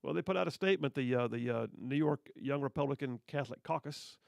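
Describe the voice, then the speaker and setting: A man's voice: mid-range voice, fast, gravelly, no room sound. A male radio host reading news stories aloud with sarcastic, teasing asides to his listeners, recorded on a studio microphone. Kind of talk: conservative talk radio commentary.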